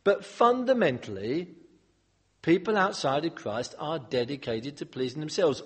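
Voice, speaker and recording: Man, preaching, animated with humorous asides, husky tone, long hall reverb. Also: fairly high pitch, unhurried. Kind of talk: sermon.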